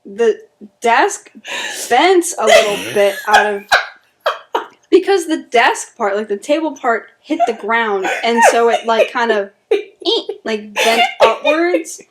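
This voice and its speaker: A woman's voice: a little high, slow, very noisy. A young woman co-hosting a podcast, telling a story in casual chat and laughing as she talks. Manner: animated, laughing through her telling. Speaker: podcast co-host.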